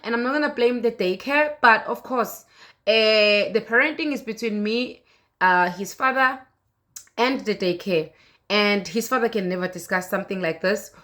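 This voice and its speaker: A woman's voice: on the high side, sharp tone. A woman vlogger in her thirties telling a personal story to camera, earnest and repeating herself with fillers.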